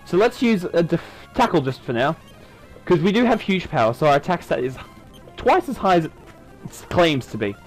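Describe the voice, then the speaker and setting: A man talks his way through a video game playthrough in a chatty, self-mocking manner. His voice sits a little high and bounces around a lot, with faint music underneath. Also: very animated, normal speed, low-quality recording. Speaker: gaming YouTuber. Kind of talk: let's-play commentary.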